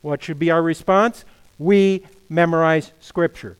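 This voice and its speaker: A man's voice: fairly high pitch, steady tone, a little slow, smooth, poor audio. A middle-aged man preaching a sermon as pastor, emphatic, firing off rhetorical questions and quoting scripture.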